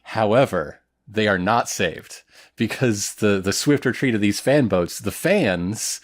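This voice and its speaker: A man's voice: fairly low pitch, a little slow. A man co-hosting a podcast, recapping episodes in a rambling, joking casual chat. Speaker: podcast co-host.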